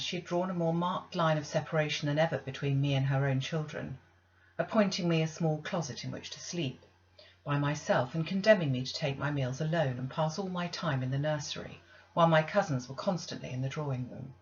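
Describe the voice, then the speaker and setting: Woman reading a classic novel aloud, lo-fi. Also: low-pitched. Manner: measured, deliberate reading with pauses. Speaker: audiobook reader.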